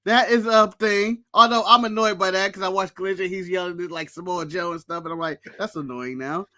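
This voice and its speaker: A man's voice: high voice, level tone, a little fast, pushed and bright. An American man co-hosting a wrestling podcast, chatting casually with blunt, crude jokes. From United States. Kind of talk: casual chat.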